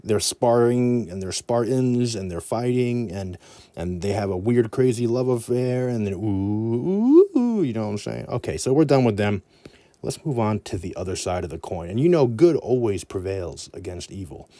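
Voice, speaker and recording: A man teaching with playful, rambling asides. His voice is low-pitched and mellow, with a relaxed, warm tone. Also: moderate pace, dry recording. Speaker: anatomy teacher. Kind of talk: mnemonic lesson.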